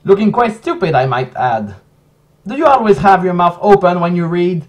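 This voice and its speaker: A non-native English-speaking man voicing a sneering male narrator who insults the reader in a loud, mocking, exaggerated way. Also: high voice, big pitch swings, slow pace, distant mic, heavily acted. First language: not English.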